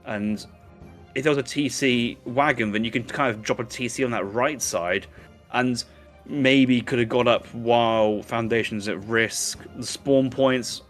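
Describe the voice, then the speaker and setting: Male esports analyst caster, mid-pitched, quick restarts, faint background music. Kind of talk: live game commentary.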